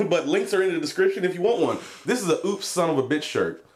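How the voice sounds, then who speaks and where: A man's voice: fairly high pitch, expressive, fairly quick. A man reviewing a vape box in a rambling, swearing, laid-back vlog. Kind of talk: casual product review vlog.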